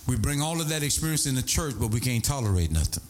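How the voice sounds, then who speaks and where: Animated preacher man, lively voice. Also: quick pace. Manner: animated storytelling preacher, swings high and low. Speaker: pastor. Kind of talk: sermon.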